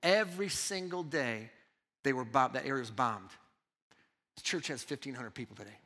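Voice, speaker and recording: Bright-voiced male pastor preaching in a hall. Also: medium pitch, moderate pace. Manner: swings from loud urgent preaching to hushed intimate asides. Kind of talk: sermon.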